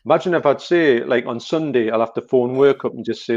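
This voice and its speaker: A man's voice: mid-range voice, fairly quick, darkish tone. Brief: Newcastle-accented man, casual live-stream co-host, rambling self-mocking talker, muffled lo-fi call sound. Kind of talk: casual chat on a video call. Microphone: video call. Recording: dull lo-fi call audio.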